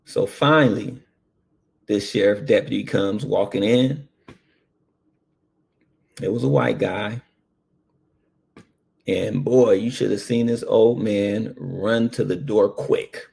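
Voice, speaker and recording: Slow gravelly man telling a story. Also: fairly low pitch, darkish tone. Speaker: paramedic. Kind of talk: personal storytelling.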